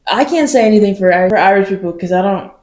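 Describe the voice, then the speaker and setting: A woman's voice: mid-range voice, quick pace, darkish tone, reverberant. A woman co-hosting a podcast, chatting casually and rambling with lots of fillers. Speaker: podcast co-host. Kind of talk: casual chat.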